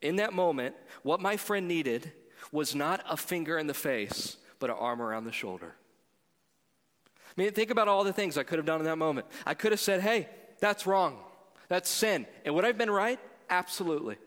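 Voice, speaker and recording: A man's voice: fairly high pitch, lively intonation, a little fast. Preaching man in a reverberant hall. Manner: conversational, swings from loud appeals to hushed storytelling. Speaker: pastor. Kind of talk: sermon.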